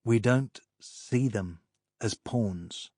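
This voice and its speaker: A man voicing a steady policeman who speaks in a measured, slightly pompous way. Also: medium pitch, dry recording, clean studio sound. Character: calm steady country policeman.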